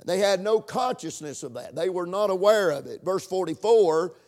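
A man preaching a sermon and praying, halting with fillers, stretching key words and rising in pitch for emphasis. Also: animated, a little mellow. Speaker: pastor.

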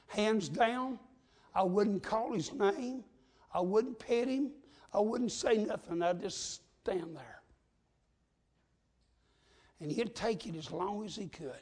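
A man preaching a sermon, telling folksy stories and rising into shouts. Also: high-pitched, breathy edge.

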